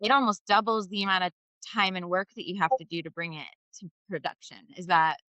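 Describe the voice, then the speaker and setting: A woman's voice: on the low side, fairly quick, sharp tone, no echo, highs cut off. A woman hosting an interview, asking curious, rambling questions. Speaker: host. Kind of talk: casual interview.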